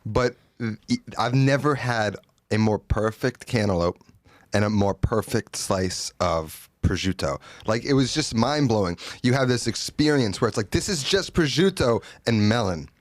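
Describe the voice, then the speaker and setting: A man's voice: lowish voice, moderate pace, no echo. Enthusiastic man talking about food, dry. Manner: enthusiastic, rambling with fillers. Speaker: podcast guest, food creator. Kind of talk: casual chat.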